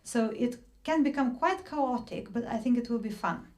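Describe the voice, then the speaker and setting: A woman's voice: a little high, normal speed, darkish tone. A woman leading an online singing workshop over a video call, explaining patiently with frequent fillers and restarts.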